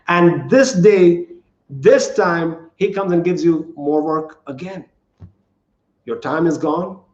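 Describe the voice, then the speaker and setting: A man's voice: sits high, a little mellow. A man preaching a sermon as pastor, earnest and repetitive, asking the congregation questions. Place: church sanctuary. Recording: echoey church room, dull lo-fi sound.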